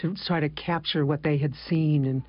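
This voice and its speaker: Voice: medium pitch, steady tone, normal speed, no room sound. An interviewer in a conversational interview, engaged, asking questions and affirming often. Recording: dry, dull lo-fi sound.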